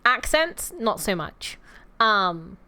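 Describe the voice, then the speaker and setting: A woman's voice: medium pitch, sing-song, slow, pushed and bright. A young adult woman streamer chatting casually, with a rambling, self-interrupting delivery and easy laughter. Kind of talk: casual livestream chat.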